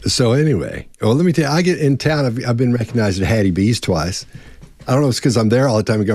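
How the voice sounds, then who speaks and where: A middle-aged man co-hosting a live online Q&A, telling a long story in a rambling, animated way and acting out the voices of the people in it. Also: medium pitch, fast talker. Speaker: co-host answering member questions. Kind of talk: casual storytelling chat. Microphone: online live stream.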